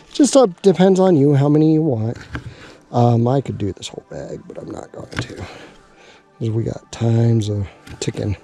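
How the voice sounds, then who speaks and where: A man in a casual cooking vlog chats outdoors as he works, joking and talking himself through each step. His voice has a gravelly, fry-tinged edge at a middle pitch. Music plays clearly in the background. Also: dark tone. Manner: chatty, jokey, talks to himself while working. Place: outdoors at a camp cooking spot.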